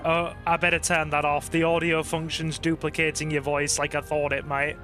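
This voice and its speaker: Over soft background music, a man with a fairly high voice hosts a gaming stream at a normal pace. He chats casually and relaxedly with his co-host in let's-play style, reading viewer comments aloud.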